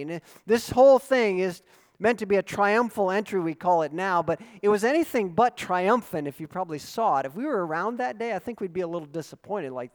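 Pastor preaching in a reverberant hall. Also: male voice, high-pitched, lively intonation, a little fast. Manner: earnest teaching, rising to emphatic exclamations. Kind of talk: sermon.

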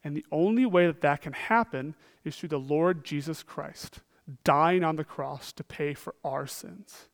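Man, sermon preacher, slightly high voice, earnest, swings from emphatic to hushed. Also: a little slow, creaky. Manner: earnest, frequent rhetorical "right?", shifts between emphatic and hushed.

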